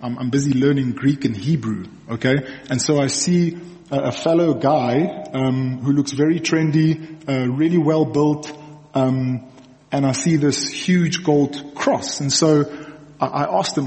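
Speaking a little slowly, this young adult preacher has a medium-pitched, dark voice. He delivers his sermon as a conversational story, checking in with the audience, peppering it with "okays" and restarts, while a large hall adds long reverb.

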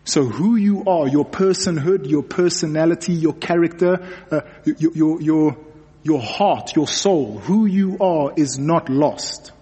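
A man delivers a sermon in an earnest voice that sits a little high for a man. He presses his points by repeating words, and his voice rings with the long reverb of a hall. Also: measured pace, warm tone. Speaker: pastor.

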